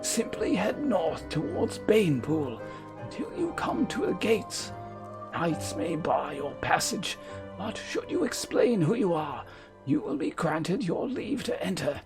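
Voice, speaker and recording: A man voicing a pompous high-born knight, reading game dialogue aloud in a lofty, archaic, theatrical way. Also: big pitch swings, measured pace, music in the background, heavily acted. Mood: haughty.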